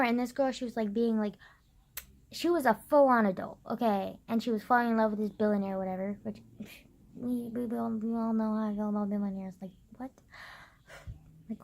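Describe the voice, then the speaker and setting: A woman's voice: fairly high pitch, darkish tone. Exasperated young woman ranting, fillers throughout. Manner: exasperated, sarcastic, heavy use of "like", swears; mocks others in exaggerated put-on voices. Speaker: vlogger. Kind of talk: casual rant.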